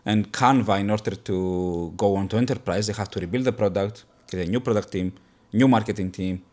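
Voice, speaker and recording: Low-voiced man hosting a business chat. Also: a little mellow. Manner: thoughtful, halting restarts. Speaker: podcast host. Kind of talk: casual business conversation.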